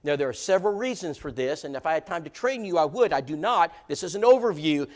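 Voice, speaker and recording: A man giving a church seminar talk, an animated storyteller who acts out the people he quotes. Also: fairly high pitch, quick pace. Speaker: seminar speaker.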